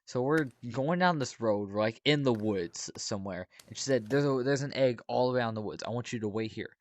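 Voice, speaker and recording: A man's voice: medium pitch, brisk, dry recording. Guy just chatting on a podcast, easygoing storyteller, dead dry audio. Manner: laid-back storytelling with frequent fillers. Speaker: podcast host. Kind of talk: casual chat, telling anecdotes.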